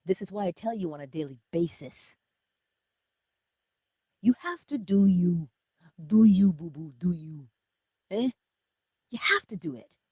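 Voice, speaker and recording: A woman hosting a motivational livestream, with a husky voice, laughing often and answering her chat. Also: on the low side, a little slow, long pauses, no room sound, studio quality. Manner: animated, laughing, talks to chat. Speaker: livestream host.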